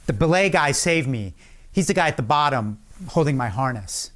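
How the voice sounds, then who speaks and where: A middle-aged man giving a commencement speech, telling a personal story with dramatic pauses and acted-out shouts. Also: medium pitch, expressive. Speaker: commencement speaker.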